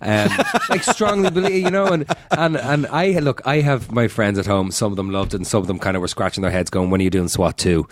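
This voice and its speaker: A man's voice: mid-range voice, a little fast, hardly any pauses, no room sound. A man in his forties with an Irish accent, chatting as a podcast guest in a rambling, self-deprecating way. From Ireland. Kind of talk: casual interview chat.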